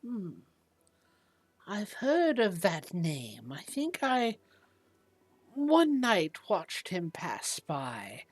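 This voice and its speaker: A woman's voice: medium pitch, huge pitch swings, drawn-out words, pauses often, breathy edge, no echo, full character voice. A woman voicing an old woman who sells zombies, sweet-talking and coaxing, calling people dearie. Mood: sly.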